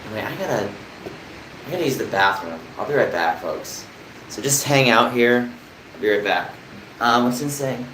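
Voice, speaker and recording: A man's voice: medium pitch, animated, moderate pace, long pauses, reverberant, noisy background. A young man from New Jersey chatting casually on a live stream, rambling and answering viewers' comments. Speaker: livestreamer.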